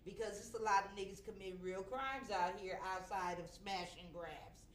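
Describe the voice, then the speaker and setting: A woman's voice: mid-range voice, steady tone, moderate pace, fairly bright tone, a little hiss or hum. A middle-aged woman hosting a comedy talk show, blunt and profane. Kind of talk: casual comedic chat. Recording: roomy echo.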